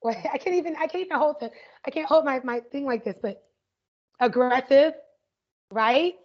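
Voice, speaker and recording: A woman educator leading an interactive online workshop, energetic and upbeat, often checking in with "right?", speaking over a video call. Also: sits high, moderate pace. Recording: muffled lo-fi video call audio.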